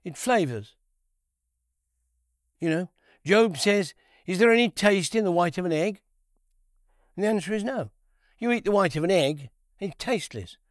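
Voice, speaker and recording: A man giving a conversational Bible teaching, unhurried, repeating key phrases and asking rhetorical questions. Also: high voice, no room sound, clean studio sound.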